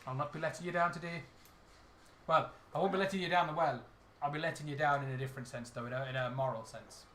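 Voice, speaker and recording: A man voicing a boisterous male tavern keeper in an exaggerated put-on Irish accent, loud and teasing. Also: fairly high pitch, fairly even intonation, quick pace, roomy sound, close to an everyday voice. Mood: hearty.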